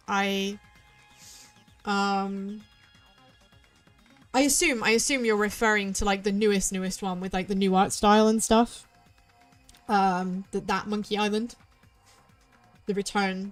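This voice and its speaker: A woman from southwest England with a West Country accent, rambling through chatty let's play commentary as a VTuber streamer. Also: mid-range voice. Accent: West Country English. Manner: rambling, chatty, quick tangents.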